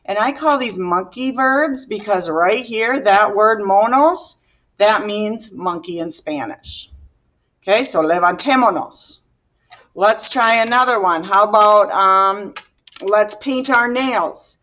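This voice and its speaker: A woman teaches a grammar lesson at an unhurried pace, breaking each rule into small steps. Her voice sits at a middling pitch. The recording is somewhat dull and lo-fi. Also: a bit bright. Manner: patient, explaining step by step while writing. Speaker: Spanish teacher.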